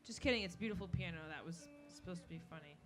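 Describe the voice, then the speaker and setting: A woman's voice: on the low side, very fast. A woman hosting a music and comedy show, chatting casually between songs in a joking, self-deprecating way. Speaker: host and musician. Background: guitar playing.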